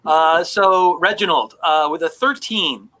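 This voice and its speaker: A man's voice: fairly high pitch, unhurried, sharp tone, poor audio. A man narrating as game master of a tabletop horror game, describing scenes with frequent fillers.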